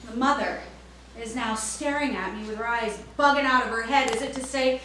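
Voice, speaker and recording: Lady telling a story onstage, high lively voice, really echoey and far from the mic. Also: moderate pace. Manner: animated, acts out every character. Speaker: storyteller playing a store clerk. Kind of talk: staged storytelling monologue. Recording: echoey, distant, faint noise.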